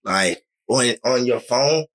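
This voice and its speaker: A man's voice: medium pitch, lively intonation, slow pace, fairly bright tone. A man in casual podcast chat, telling rambling stories with lots of fillers and restarts. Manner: rambling storyteller, many likes and restarts.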